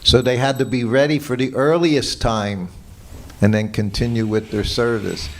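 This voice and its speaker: A man's voice: mid-range voice, steady tone, normal speed, a little hiss or hum. An older man giving a morning class at a temple, telling personal stories in a reminiscing, chuckling way. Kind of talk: anecdotal temple lecture. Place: temple hall.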